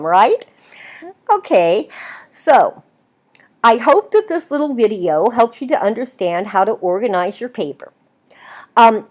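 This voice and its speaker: A woman teaching a writing class in a recorded video lecture, explaining at length and checking in with "right?" as she goes. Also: a little high. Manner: lively, explanatory, asks "right?" often. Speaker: writing instructor.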